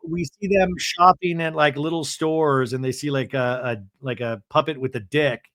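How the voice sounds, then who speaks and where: Animated man recapping reality TV. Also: a little high, moderate pace, no echo. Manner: animated, acts out quotes in exaggerated voices. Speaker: podcast host.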